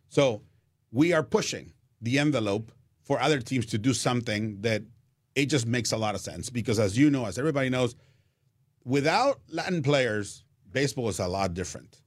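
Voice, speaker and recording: A man's voice: medium pitch, no echo, studio quality. A man, a baseball broadcaster telling stories in a casual radio interview, repeating words and laughing easily. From Mexico. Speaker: Spanish-language baseball broadcaster, guest.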